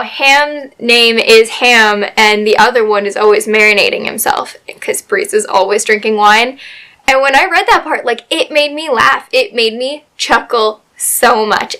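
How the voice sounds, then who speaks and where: A chatty young woman reviews books in a loose, gushing way, her voice sitting a touch higher than most. She piles up "like" fillers and quick asides as she goes. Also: a bit bright. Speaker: book vlogger. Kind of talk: casual book review chat.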